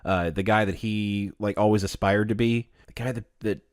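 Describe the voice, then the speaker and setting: Rambling low-voiced man chatting. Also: fairly even intonation, smooth, no echo, clean studio sound. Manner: rambling, halting, laughs often. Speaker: podcast co-host. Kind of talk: casual chat.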